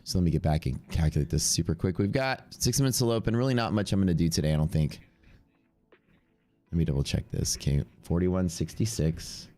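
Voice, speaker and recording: A man's voice: sits low, fairly quick, dark tone, soft background music. A young adult man with sniffles, casually commentating a live trading stream and thinking aloud as he reads out numbers. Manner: offhand, thinking aloud while reading out numbers. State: congested with sniffles. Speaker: live-stream day trader.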